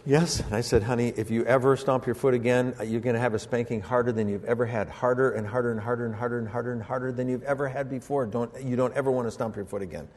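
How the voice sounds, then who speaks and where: An older man preaching a sermon as pastor, telling family stories and acting out voices with sudden high jumps in pitch. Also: fairly even intonation, fast talker, few pauses, a little mellow, long reverb tail. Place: church sanctuary.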